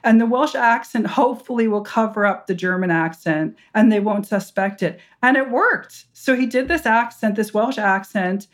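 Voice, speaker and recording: A woman historian and author, answering interview questions with animated storytelling, full of restarts and fillers. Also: medium pitch, moderate pace, few pauses.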